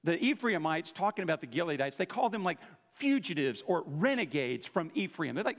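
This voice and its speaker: High-voiced preacher man in echoey hall. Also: big pitch swings, a little fast, few pauses. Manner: conversational preaching, frequent "right?" tag questions. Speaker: pastor. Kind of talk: sermon. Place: church sanctuary. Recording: dull lo-fi church hall recording.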